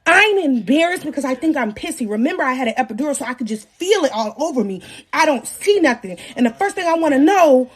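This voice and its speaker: A young woman in her twenties hosting a livestream, telling a story casually in animated, slangy talk and joking with her viewers. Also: high-pitched, fast talker. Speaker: live-stream host.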